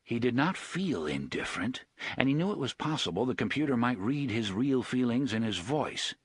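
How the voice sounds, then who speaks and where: A male audiobook narrator with a husky tone and a lively, varied pitch. The recording is dry and close, with no room sound. He reads steadily and expressively. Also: moderate pace, dry recording.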